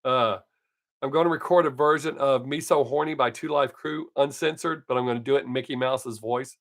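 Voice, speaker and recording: A man's voice: medium pitch, a little fast, gravelly, fairly bright tone. A man in his fifties, a comic chatting casually on his live stream, rambling and joking crudely, with a slight scratch in his voice. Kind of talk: casual chat.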